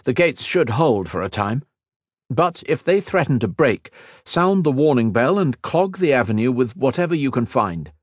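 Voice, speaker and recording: A man's voice: mid-range voice, big pitch swings, moderate pace, dry recording, clean studio sound, voice pushed up. A man voicing a stern, commanding young mage lord who gives clipped orders in a raised voice.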